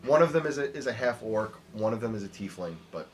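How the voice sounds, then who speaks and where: A young man leads a tabletop game as its game master, narrating in a relaxed, loose way with plenty of fillers and chuckles. A faint hiss sits under his voice. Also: fairly low pitch, fast.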